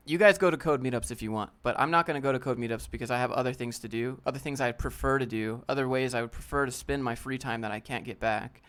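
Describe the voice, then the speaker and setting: Man, livestream host, casual Q&A, blunt, slangy, mid pitch. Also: fast, few pauses, a bit bright, clean tone. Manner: blunt, answers chat questions and critiques a viewer's portfolio; casual slang, calls viewers fam and dude. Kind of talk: casual live Q&A. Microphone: desk setup with a DSLR camera.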